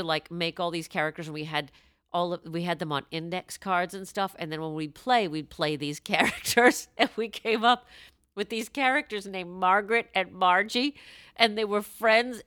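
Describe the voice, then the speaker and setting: A woman co-hosting a chatty podcast, animated and laughing, who breaks into loud shouted voices. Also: mid-range voice, dry recording, clean studio sound. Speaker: podcast co-host. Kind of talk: casual chat.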